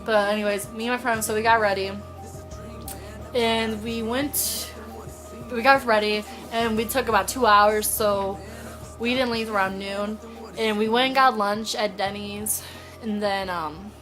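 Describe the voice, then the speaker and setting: A woman from Indiana telling a story in a casual vlog, excited and rambling, filling her talk with "like". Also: mid-range voice, unhurried, faint music behind. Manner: excited, rambling, heavy use of "like". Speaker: vlogger.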